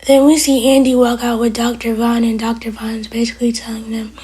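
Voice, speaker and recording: Very breathy woman recapping a TV episode. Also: on the high side, brisk. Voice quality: very breathy, half-whispered delivery. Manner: retells scenes by quoting characters in a flat tone. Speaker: TV episode reviewer.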